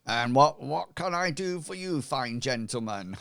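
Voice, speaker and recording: A man's voice: mid-range voice, lively intonation, unhurried, creaky, fairly bright tone, clean tone, no echo, voice pushed up. A man voicing a nervous, flustered male blacksmith who stammers and speaks with fussy politeness.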